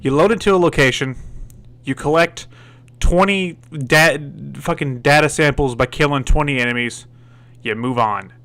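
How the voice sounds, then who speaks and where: A man's voice: on the high side, normal speed, a bit bright. A man doing a game review voice-over, swearing a lot and stumbling over his words as he complains. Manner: profane and exasperated, stammers and restarts.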